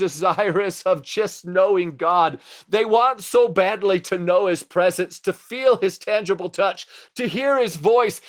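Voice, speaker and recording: A middle-aged man preaching a sermon, impassioned and exhorting, often turning to address his listeners directly. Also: high-pitched.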